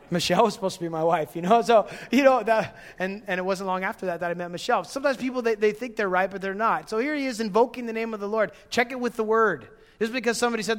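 A man's voice: high-pitched, brisk, in a large hall. A man preaching a sermon as a pastor, conversational and storytelling, often repeating words.

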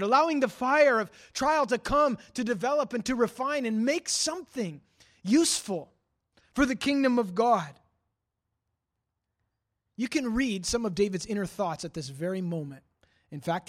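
Male pastor, unusually high voice, storytelling sermon delivery. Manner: storytelling preacher, dramatic rising pleas when voicing a lament.

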